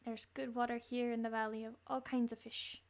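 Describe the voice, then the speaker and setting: A woman's voice: a little high, little pitch movement, extremely slow, bright, forceful tone, heavily acted. A woman voicing a hearty old male sailor and fisherman in an improvised salty sea-dog accent, reading game dialogue aloud on stream.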